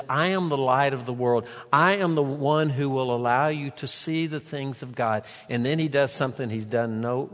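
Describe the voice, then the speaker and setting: A man preaching a sermon, retelling a scripture story with animated voices for the characters. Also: medium pitch. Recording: long reverb of a large hall.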